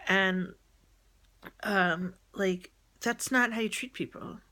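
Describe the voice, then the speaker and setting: A woman rambling and venting in a personal audio diary, often halting and trailing off mid-thought. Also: mid-range voice, sharp tone. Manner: venting about a relative.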